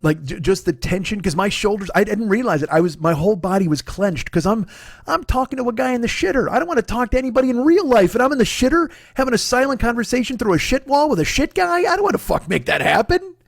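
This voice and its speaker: A man hosting his own comedy show, telling a long story in a profane, animated, self-deprecating way. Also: extremely high pitch, quick pace, vocal fry, no room sound, clean studio sound. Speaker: comedian host. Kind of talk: comic storytelling monologue.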